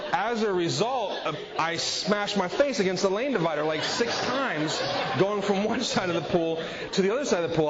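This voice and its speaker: A man preaching to a crowd, telling a funny story against himself and acting out the quotes. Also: high-pitched. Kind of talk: humorous sermon story. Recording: dull lo-fi audio with crowd laughter.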